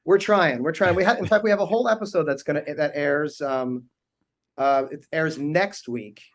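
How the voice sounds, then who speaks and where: A man in his forties tells funny anecdotes as a talk show guest, laughing often as he goes. His voice sits a little high, and he keeps an animated storytelling rhythm. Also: normal speed. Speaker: guest, actor and team owner. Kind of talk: casual interview storytelling.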